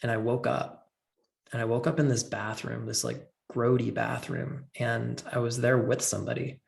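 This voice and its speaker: A man's voice: medium pitch, little pitch movement, moderate pace, vocal fry. A man telling a personal story as a podcast guest, earnest and filling his talk with "like". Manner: earnest, heavy use of "like".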